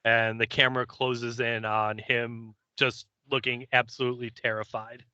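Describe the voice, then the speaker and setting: A man co-hosting a podcast, casually recapping an episode scene by scene and slipping into quick character voices. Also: mid-range voice, little pitch movement, bright, forceful tone, smooth, no echo, lo-fi sound. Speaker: podcast co-host.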